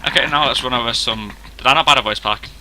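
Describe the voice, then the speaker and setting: A man's voice: mid-range voice, fast talker, noisy background. A young man casually narrating a video game, chatty and self-deprecating, rambling as he goes through the features. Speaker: gaming video host. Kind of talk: casual gameplay commentary.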